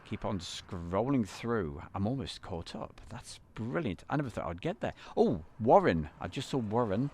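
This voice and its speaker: A man's voice: on the low side, very animated, moderate pace, few pauses, a little mellow, slight background noise. A man hosting a live stream from an editing van, chatting and greeting viewers by name. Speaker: livestream host.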